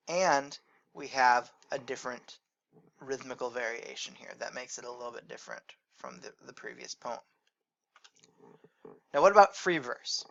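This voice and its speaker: A man teaching a recorded lecture, explaining in a measured way and correcting his own slips as he goes. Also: mid-range voice, vocal fry, fairly bright tone, lo-fi sound.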